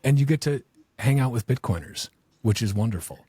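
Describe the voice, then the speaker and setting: A man's voice: mid-range voice, lively intonation, a little fast, mellow, slightly rough, no room sound. A young American man, a podcast host, chatting casually and easily with chuckles and restarts. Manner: laid-back, chuckling, rambling with restarts. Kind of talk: casual chat.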